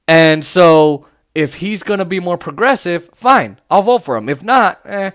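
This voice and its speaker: A man's voice: sits high, lively intonation, unhurried, few pauses, a bit bright. A man hosting a podcast, giving casual political commentary in a loose, chatty way with many fillers and restarts. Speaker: podcast host.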